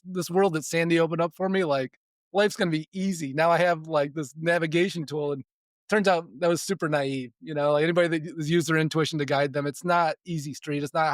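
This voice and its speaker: A man's voice: on the high side, no echo, clean studio sound. A man in his forties telling personal stories as a podcast guest, in a casual way that often restarts and repeats words and breaks into chuckles. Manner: chuckles between sentences. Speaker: podcast guest, spiritual development coach. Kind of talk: casual storytelling in conversation.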